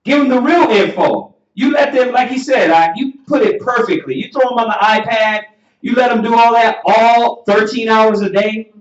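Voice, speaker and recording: A very high-pitched man with a Southern US accent teaches a class in sermon fashion, emphatic and preachy, pushing toward a shout and stretching out repeated questions. The echoey room and distant mic leave the recording muffled and roomy.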